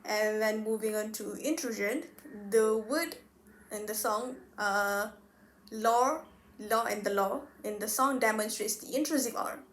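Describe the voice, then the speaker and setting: Young woman student presenting, chatty, says the example words out loud, higher voice, echoey room. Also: a little slow. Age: young adult. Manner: chatty, demonstrates pronunciations aloud. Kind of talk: class presentation.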